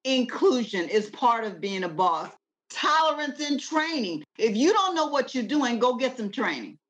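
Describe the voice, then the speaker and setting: A woman's voice: on the high side, normal speed. Emphatic woman in preacher mode. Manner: lively, animated storytelling. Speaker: guest. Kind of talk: casual conversation.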